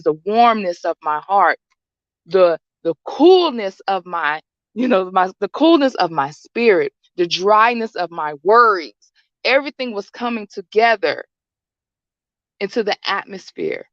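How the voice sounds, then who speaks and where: A woman's voice: mid-range voice, dry recording, highs cut off. A woman in her late thirties hosting her own show, giving a rambling, repetitive, heartfelt motivational talk. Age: late 30s. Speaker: show host.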